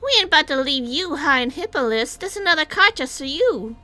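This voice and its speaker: A boisterous cart-driving gang tough, as a woman puts him on, with a folksy drawl. The voice sits high and bright and swings all over the place. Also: expressive, a little fast. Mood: cheerful. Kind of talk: reading game dialogue aloud.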